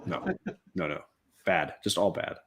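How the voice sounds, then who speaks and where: A man hosting a relaxed, chatty talk with friends, laughing often. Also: low voice, unhurried, creaky, husky. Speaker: host. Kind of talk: casual chat.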